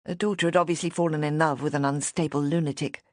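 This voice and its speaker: A woman narrating a mystery audiobook in a measured, even storytelling manner, close to the microphone. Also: low voice, dry recording. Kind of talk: scripted narration of a mystery novel. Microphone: close studio microphone.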